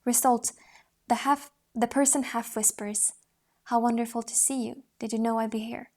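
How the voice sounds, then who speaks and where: A woman reads from a voice training book, her voice sitting somewhat high in her range and her delivery steady and instructional. Now and then she demonstrates the exercises herself with rising, sung tones.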